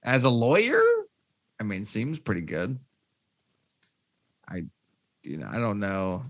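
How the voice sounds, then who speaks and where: A man's voice: lowish voice, very animated, slow, no echo. A young man from the northern US co-hosting a casual movie podcast, laid-back and hesitant with many fillers. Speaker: podcast co-host. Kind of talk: casual chat.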